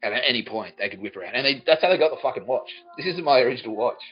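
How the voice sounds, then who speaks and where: A man's voice: mid-range voice, expressive, rapid-fire, husky, highs cut off. A man hosting a podcast, telling a rambling, profane comic story and mimicking people's voices. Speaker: podcast host. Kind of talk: comedic storytelling monologue.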